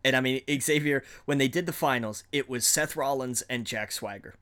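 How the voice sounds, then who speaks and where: A man co-hosting a casual podcast, telling stories excitedly with frequent restarts and laughter. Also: mid-range voice, moderate pace. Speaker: podcast co-host. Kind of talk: casual chat.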